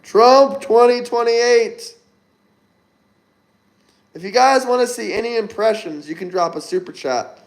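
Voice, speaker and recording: A man hosting a casual livestream, reading viewer comments aloud and giving upbeat, chatty shout-outs. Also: high voice, animated, a little fast, vocal fry. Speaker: livestream host. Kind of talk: casual live-stream chat reading comments.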